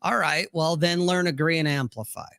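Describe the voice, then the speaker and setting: A man's voice: on the high side, normal speed, vocal fry, fairly bright tone, no echo, studio quality. A man in casual podcast talk, blunt and profane, who acts out both sides of conversations as he talks.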